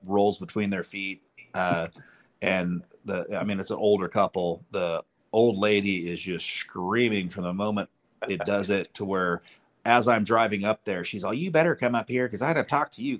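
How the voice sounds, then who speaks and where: A man co-hosting a podcast, telling rambling, profane golf anecdotes and acting out the people in them. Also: low-pitched. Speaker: podcast co-host. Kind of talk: casual chat, storytelling.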